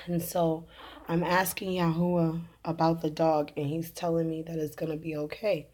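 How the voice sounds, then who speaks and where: A woman who talks in a rambling, earnest way, laughing often and filling pauses, as she tells viewers of her religious video channel about her day. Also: low-pitched, flat delivery, a little mellow. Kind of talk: casual spoken testimony to camera.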